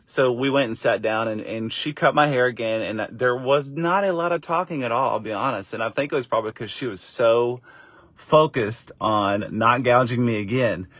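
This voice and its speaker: Speaking straight to camera, a middle-aged father and faith vlogger tells a personal story in a casual, animated way, at a moderate pace. His middle-range voice jumps higher when he acts out the people he quotes, then settles into warm, faith-based encouragement. The recording is dry and close, with no room sound.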